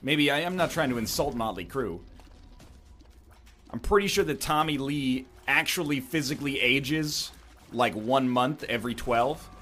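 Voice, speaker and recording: A man's voice: medium pitch, measured pace, fairly bright tone, a little hiss or hum. A man giving rambling, jokey commentary while playing a video game, full of wry asides. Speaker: gameplay commentator. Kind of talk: gameplay commentary with rambling jokes.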